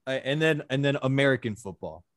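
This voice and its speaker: A man's voice: mid-range voice, animated, brisk, fairly bright tone, no echo, clean studio sound. A man hosting a casual sports chat, laid-back and slangy, often restarting his sentences. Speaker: podcast host.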